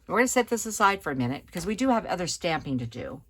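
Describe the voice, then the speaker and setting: A woman giving a chatty, relaxed hands-on card-making tutorial, talking as she works at her craft table. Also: fairly low pitch, very fast, husky. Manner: chatty, relaxed, talks while working. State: hiccups.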